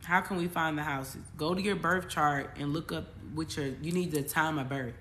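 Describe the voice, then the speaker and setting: A woman's voice: low-pitched, fairly even intonation, moderate pace, a bit bright, slight background noise. A woman spiritual coach hosting a casual astrology livestream, talking emphatically and repetitively to her viewers, with casual slang and swearing. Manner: emphatic, repetitive, talks straight at the audience.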